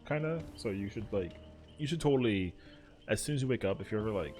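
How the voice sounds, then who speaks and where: A man's voice: lowish voice, animated, fast talker, over music. A young man streaming a game, chatting casually and rambling with lots of "like" fillers. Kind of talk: casual chat while gaming.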